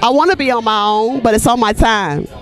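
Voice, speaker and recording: A woman's voice: a little high, fairly quick, soft background music. A woman who hosts the show, enthusiastically hyping up a comedian in a backstage interview. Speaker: show host.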